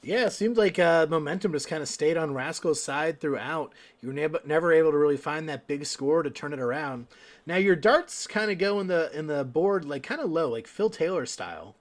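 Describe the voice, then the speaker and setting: Chatty male darts host, slightly high voice. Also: animated, fairly quick. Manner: casual, rambling questions with fillers. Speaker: host and commentator. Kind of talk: post-match interview.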